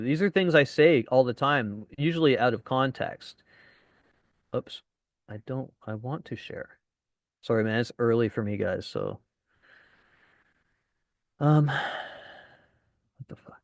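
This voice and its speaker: A man teaching a casual webinar as a dating coach, chatty and swearing now and then, acting out deadpan lines. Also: mid-range voice, takes it slowly, gravelly, long pauses, no room sound, clean studio sound.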